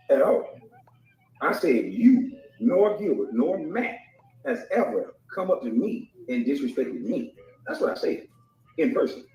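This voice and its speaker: A man's voice: medium pitch, a little mellow. A man in a heated call-out rant, mocking and profane, taunting the person he is addressing. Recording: echoey, far from mic.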